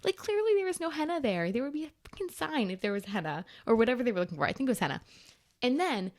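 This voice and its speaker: A young woman co-hosting a podcast, telling a story in an animated, exasperated rush, full of "like"s. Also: a little high. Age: young adult. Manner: animated, rushed, exasperated retelling with many "like"s. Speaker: podcast co-host. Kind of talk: casual storytelling.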